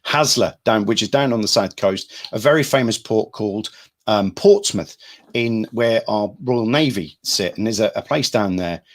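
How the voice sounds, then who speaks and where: A man's voice: lowish voice, moderate pace. Middle-aged english guy rambling thru a war story, repeats himself a lot, casual. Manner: rambling, repeats himself, acts out quotes loudly. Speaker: hypnotherapy trainer. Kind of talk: casual storytelling to an online audience.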